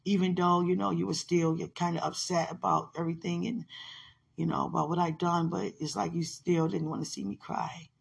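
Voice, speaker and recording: A woman's voice: lowish voice, fairly even intonation, fairly quick, gravelly, breathy edge. A woman in casual, heartfelt one-sided talk, rambling and affectionate, often laughing, with religious phrasing.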